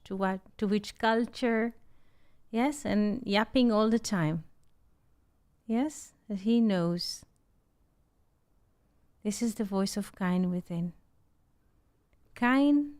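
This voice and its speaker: Woman teacher, slow and measured, video call, keeps asking "yes?". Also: medium pitch, a little mellow, clean tone. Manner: unhurried, often checks in with "yes?". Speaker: spiritual teacher hosting an online group call.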